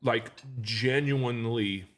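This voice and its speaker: A man's voice: medium pitch, takes it slowly. A man in his thirties hosting a casual podcast chat, talking earnestly with frequent restarts and fillers. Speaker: podcast host.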